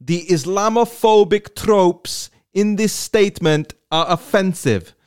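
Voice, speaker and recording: A man mockingly impersonating an indignant woman politician, putting on a lilting accent, raising his voice and speaking loudly. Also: sits high, takes it slowly, clear, resonant tone, pitched above the performer's own voice. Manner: mocking impression, raised and loud.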